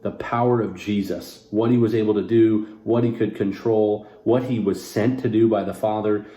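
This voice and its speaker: Earnest pastor with a dark, roomy voice. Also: male voice, on the low side, fairly even intonation, moderate pace. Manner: conversational and earnest, paraphrasing scripture in casual modern words. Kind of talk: short devotional Bible teaching.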